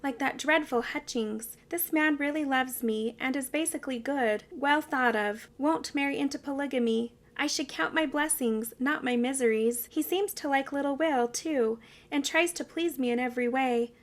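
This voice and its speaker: Brief: a woman voicing a reserved young pioneer woman, gentle and earnest, high voice. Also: moderate pace, hardly any pauses, lightly acted.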